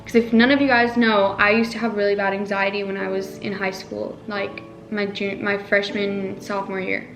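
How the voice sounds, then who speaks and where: A young woman recounts her story to the camera in a loose, emotional way, piling up "like"s and restarts. Her voice sits at an ordinary pitch and bounces off the walls of a roomy space. Faint music plays underneath. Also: flat delivery, moderate pace, few pauses. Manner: emotional, rambling retelling with many "like"s. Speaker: family vlogger. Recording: echoey room with faint music.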